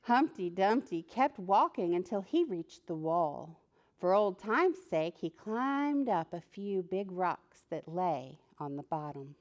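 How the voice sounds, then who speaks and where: A children's librarian reading a picture book aloud to preschoolers, animated and asking the children questions. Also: female voice, lowish voice, slow.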